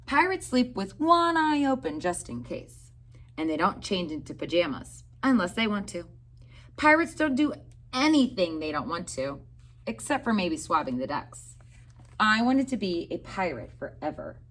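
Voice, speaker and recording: A woman teacher reading a picture book aloud to young children in an expressive storytelling way. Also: on the low side, moderate pace.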